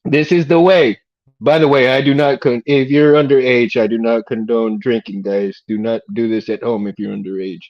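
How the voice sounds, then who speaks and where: A man's voice: medium pitch, steady tone, moderate pace, a little mellow, muffled recording. A middle-aged man hosting a casual livestream, rambling in a laid-back way, laughing often and calling people "man" and "dude". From Texas. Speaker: livestream host.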